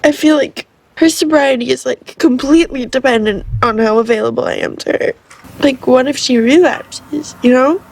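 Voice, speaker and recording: An actress playing a troubled young woman who confesses her panic and anger in therapy, tearful and halting. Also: high voice, vocal fry. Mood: distraught.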